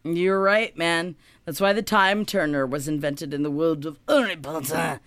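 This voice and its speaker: A woman's voice: sits low, moderate pace, clean tone, no echo. A woman co-hosting a casual comedy podcast, joking and swearing as she runs through a list. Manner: swearing, animated, jokey. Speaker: podcast co-host presenting the list.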